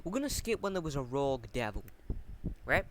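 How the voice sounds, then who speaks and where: A man casually retelling a fan story off the cuff, halting often with fillers, restarts and casual swearing. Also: medium pitch, sing-song, a bit bright, a little hiss or hum.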